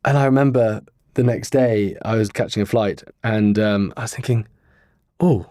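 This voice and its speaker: A man with a fairly low voice talks through a personal story as a podcast guest. He rambles earnestly, filling gaps with ums and restarts. The sound is dry and close. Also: a little mellow, no room sound. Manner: earnest, rambling, with many pauses and fillers. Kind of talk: casual interview storytelling.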